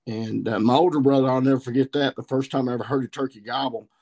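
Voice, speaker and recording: A man in his sixties speaks in a thick Missouri Ozarks accent, with a middle-pitched voice. He is a podcast guest who tells long, rambling stories in a folksy country manner, circling back to pick up his thread. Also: steady tone, fast talker, mellow, highs cut off. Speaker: guest turkey hunter. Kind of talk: podcast storytelling.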